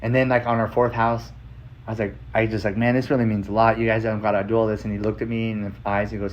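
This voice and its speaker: A man's voice: lowish voice, flat delivery, fast, slight background noise. A young man from San Carlos telling a personal story in casual, swearing speech, quoting the people he met. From San Carlos, Arizona. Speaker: vlogger telling his story. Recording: slightly dull lo-fi sound.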